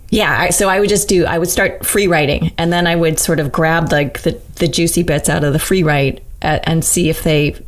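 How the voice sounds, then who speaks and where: Low voiced songwriter lady in an interview, salty and candid, laughs a lot. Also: fairly even intonation, normal speed, few pauses. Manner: candid and profane, laughs often, talks through ideas aloud. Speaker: singer-songwriter guest. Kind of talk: casual interview chat.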